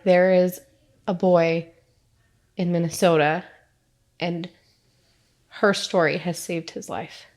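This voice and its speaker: A mother in her thirties answers interview questions with heartfelt pride. Her voice sits a little low for a woman. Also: darkish tone. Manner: heartfelt, proud. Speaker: mother of guests.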